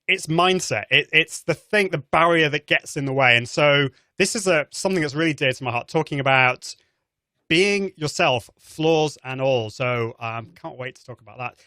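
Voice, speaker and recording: A man's voice: fairly high pitch, normal speed, pushed and bright, no room sound, clean studio sound. A man with an accent from near Manchester, hosting a live show in enthusiastic casual chat and often restarting his sentences. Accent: English, Manchester area. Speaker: podcast host.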